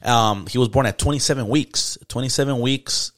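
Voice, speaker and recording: A man's voice: medium pitch, moderate pace, a bit bright. A young man, telling a story in casual podcast chat, slangy and profane, dropping in Spanish words. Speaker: podcast host.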